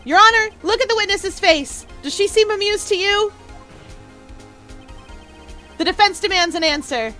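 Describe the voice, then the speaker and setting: A woman voicing an earnest young male defense lawyer in a lowered, clipped voice. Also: animated, moderate pace, pauses often, sharp tone, faint music behind, exaggerated voice. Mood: firm.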